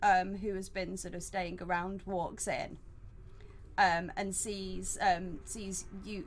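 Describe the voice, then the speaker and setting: Woman narrating a tabletop game, halting. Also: lowish voice, a little hiss or hum, poor audio. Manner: halting, many fillers and restarts. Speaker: dungeon master. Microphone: headset.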